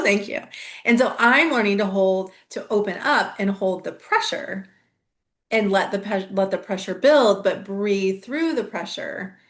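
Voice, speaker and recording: A middle-aged woman hosts her own astrology channel, delivering a reflective, meandering spiritual monologue. Her voice sits in a middle pitch, and she circles back through restarts and soft fillers.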